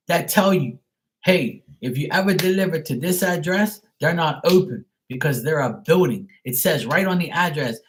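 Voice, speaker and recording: A man's voice: fairly high pitch, poor audio. Profane, exasperated man ranting on a stream. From Bermuda. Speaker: live streamer. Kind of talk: casual live-stream rant.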